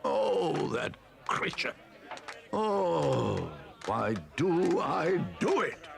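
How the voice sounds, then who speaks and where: A gruff, elderly badger with a gravelly, slow-moving voice. He blusters and fusses, and his pitch swings widely as he does. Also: big pitch swings, soft background music, full character voice. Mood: flustered. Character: gruff elderly male badger, kindly organiser. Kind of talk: 1980s stop-motion cartoon acting.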